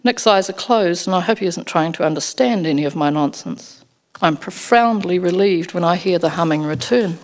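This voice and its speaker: A woman narrating a first-person story as an audiobook, in an expressive storytelling manner. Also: lowish voice, normal speed.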